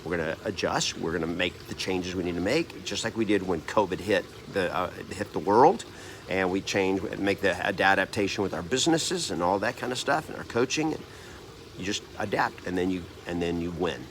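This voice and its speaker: Low-voiced man telling a personal story. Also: a little fast, background noise. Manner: earnest and rambling, with frequent restarts and self-corrections. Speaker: real estate trainer and coach. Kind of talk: personal story and motivational talk to camera.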